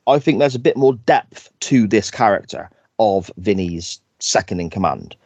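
A low-pitched man talks through a TV episode on a podcast, chatty and prone to laughing. The sound is close and dry, with no room around it. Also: lively intonation, moderate pace, a little mellow, husky, no echo. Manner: chatty storyteller, laughs often. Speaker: podcast co-host. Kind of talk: casual episode recap chat.

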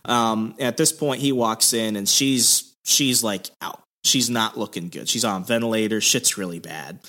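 A man's voice: lowish voice, normal speed, sharp tone. Man rambling through a casual recap. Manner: rambling, loose storytelling with many fillers. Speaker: podcast host.

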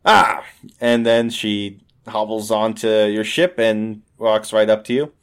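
A man's voice: fairly low pitch, steady tone, a little slow, clear, resonant tone. A man narrating as game master in a loose, hesitant way.

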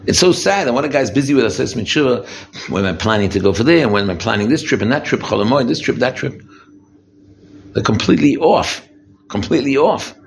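With vocal fry and a brisk pace, a man delivers an emphatic holiday sermon as a rabbi, frequently repeating and restarting phrases. His lively preaching rises from low and quiet to high and intense, with slight background noise present.

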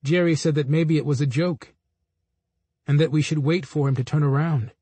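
A man reading a memoir aloud in a steady, measured storytelling voice. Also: a little high, slightly rough, dry recording. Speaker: narrator. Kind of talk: audiobook memoir narration.

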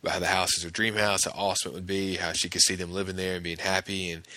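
A man's voice: deep voice, level tone, racing, pushed and bright, dry recording. A man casually recapping a TV episode scene by scene, with plenty of fillers and restarts. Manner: conversational, many fillers and restarts. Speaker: podcast host recapping an episode.

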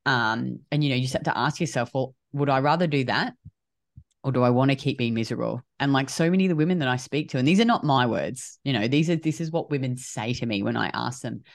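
A woman's voice: extremely low pitch, fast talker, creaky, no echo, clean studio sound. A woman co-hosting a casual podcast as a health coach, blunt and swearing freely as she acts out quoted conversations.

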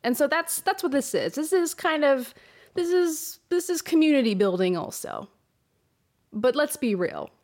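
A woman's voice: sits high, animated, moderate pace, a little mellow. A woman hosting a solo podcast, talking frankly and emotionally, swearing freely and getting worked up. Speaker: podcast host. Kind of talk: candid solo podcast monologue. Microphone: podcast microphone.

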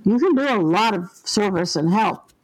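A woman's voice: medium pitch, expressive, normal speed, poor audio. An older woman, a guest on an interview podcast, telling stories in an earnest, vivid way and acting out the voices in them. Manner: earnest, vivid storyteller who acts out the voices in her stories. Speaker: interview guest, ghost helper.

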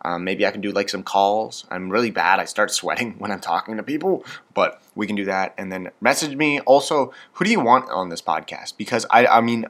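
A Canadian man in his twenties hosts a casual solo podcast, wired on coffee and rambling in a self-deprecating way with plenty of fillers. His voice sits on the low side and is fairly bright, and he talks fairly quickly with few pauses.

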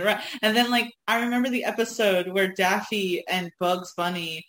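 A woman's voice: mid-range voice, moderate pace, hardly any pauses, a bit bright. A woman chatting casually as a co-host, rambling and laughing often. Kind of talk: casual chat. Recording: echoey room.

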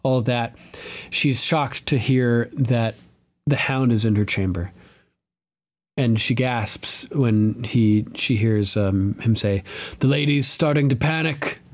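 Animated, swearing male podcast host. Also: mid-range voice, slow pace. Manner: animated, laughs often, swears freely. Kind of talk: casual TV episode recap.

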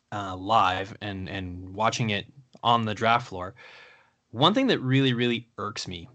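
A man's voice: medium pitch, a bit bright. A man hosting a podcast, chatting casually as he runs through picks. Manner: conversational, runs the draft picks. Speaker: podcast host.

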